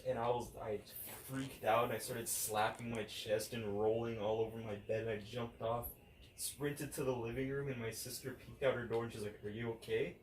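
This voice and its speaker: A man's voice: medium pitch, moderate pace. Young man telling stories from across a roomy space. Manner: animated storyteller, acts out quotes. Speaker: podcast co-host. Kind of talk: casual chat among friends. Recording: roomy, distant mic with faint hiss.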